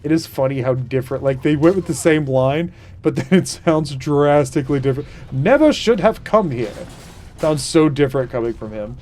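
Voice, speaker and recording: A man streaming a video game live, reacting with playful mock outrage and chatting with his viewers. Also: mid-range voice. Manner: animated, mock outrage, quick asides to chat. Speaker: gaming streamer. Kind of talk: live gameplay commentary.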